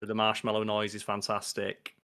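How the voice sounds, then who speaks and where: Man, casual podcast chat, animated, swears freely. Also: lowish voice, normal speed. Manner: animated, swears freely, acts out quoted lines. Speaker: podcast co-host.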